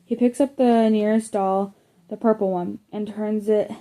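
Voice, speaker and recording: A woman narrates a first-person middle-grade audiobook in a mid-range, dark-toned voice with fairly even intonation. She reads plainly and a little slowly, with occasional slips that she corrects.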